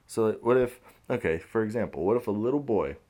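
A man's voice: on the low side, animated, brisk, mellow. A young man hosting a podcast, giving rambling casual commentary on the news, laughing often and swearing. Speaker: podcast host.

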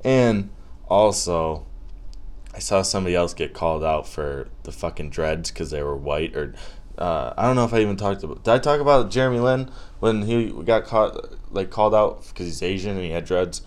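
A man's voice: deep voice, animated, moderate pace, darkish tone. A young man hosting his own podcast, ranting casually with lots of swearing, rambling jokes and loose asides. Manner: profane, rambling, loose and joking. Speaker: podcast host. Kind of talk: casual comedic rant.

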